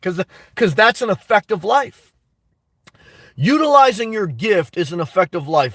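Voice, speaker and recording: A man's voice: sits high, lively intonation, unhurried, long pauses, a bit bright, no room sound, recorded from a distance. A man hosting a casual live stream, answering viewer comments in an emphatic way that repeats his points and breaks into laughter between remarks. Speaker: YouTube host answering live chat.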